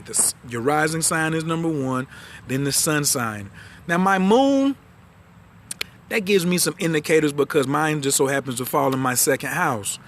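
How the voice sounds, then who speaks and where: A man coaching viewers on a live stream. He talks fast and with animation, in slang. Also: fairly high pitch, fairly bright tone, slight background noise. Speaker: astrology and branding coach. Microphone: phone livestream.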